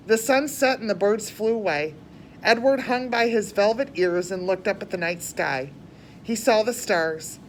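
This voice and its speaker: A woman's voice: medium pitch, a little hiss or hum. Woman reading a storybook aloud, plain delivery, small restarts. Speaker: reader.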